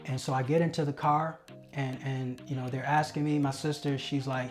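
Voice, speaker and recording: A man tells his own story in a candid, earnest way, poking fun at himself along the way. His voice sits in an ordinary middle range, and he stumbles and restarts at the tense parts. Soft music plays faintly behind him. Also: mid-range voice, level tone, moderate pace. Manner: earnest, candid, self-deprecating with laughs. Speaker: testimony speaker. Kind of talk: personal storytelling.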